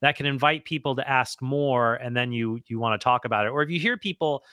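A man's voice: medium pitch, a little fast, pushed and bright, clean tone, no room sound, clean studio sound. A man answering callers on a Catholic radio call-in show, earnest and thinking aloud with frequent restarts. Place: radio studio.

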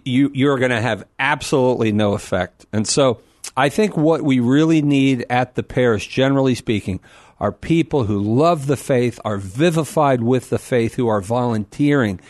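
A man answering a caller as a guest on a call-in radio show, earnest and animated, often laughing and repeating words as he thinks. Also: medium pitch, dry recording, studio quality.

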